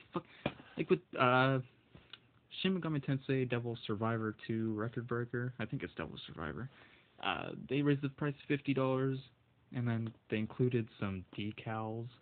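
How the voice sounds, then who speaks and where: Over phone-quality sound, a medium-pitched man rages by himself about video game prices. He swears constantly and stumbles through his words, his voice quivering with fury.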